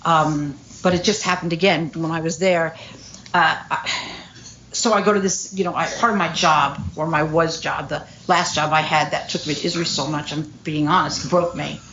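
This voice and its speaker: A woman's voice: sits low, steady tone, moderate pace, a bit bright, highs cut off, a little hiss or hum. A middle-aged woman speaking at a recovery meeting, telling her story candidly with lots of fillers. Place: meeting room.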